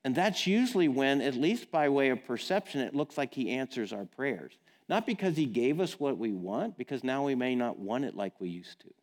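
A man's voice: medium pitch, expressive, normal speed. A man preaching a sermon in a casual, direct, plain-spoken way, often asking his listeners questions. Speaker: pastor. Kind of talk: conversational sermon.

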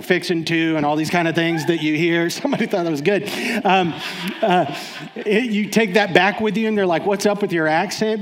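A man filling in as guest speaker, giving a casual, joking sermon to a live audience, full of fillers and restarts. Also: fairly high pitch.

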